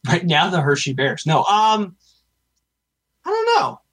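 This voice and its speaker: A man co-hosting a casual sports podcast offers his opinions hesitantly, with many fillers and restarts. His high voice is sing-song, a bit bright, and husky, delivered at a measured pace, and the recording is rough.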